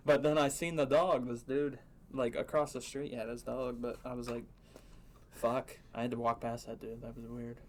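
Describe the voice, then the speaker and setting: A man's voice: mid-range voice, flat delivery, moderate pace, darkish tone, a little hiss or hum. A young man co-hosting a podcast, telling crude stories in casual chat and laughing often. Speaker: podcast co-host.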